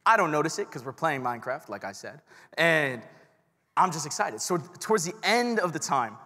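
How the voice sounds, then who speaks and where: A young man preaching in a casual, self-deprecating way, talking straight to his congregation. His voice is bright and a little husky, sitting slightly high for a man. The sound rings with the long reverb of a large church hall. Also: sing-song, normal speed. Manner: casual and self-deprecating, addresses the crowd directly. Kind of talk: sermon with personal story.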